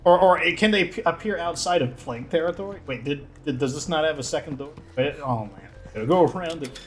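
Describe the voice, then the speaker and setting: A man hosting a let's play, commenting in an excitable, rambling way and filling his talk with "like". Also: fairly high pitch, fast talker. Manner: excitable, rambling, heavy use of "like". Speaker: gaming channel host.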